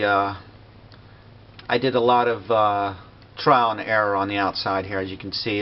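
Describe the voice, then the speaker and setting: A man giving a casual walkthrough of a building he made in a game, relaxed and full of fillers and pauses. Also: fairly low pitch. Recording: dull lo-fi recording with faint noise.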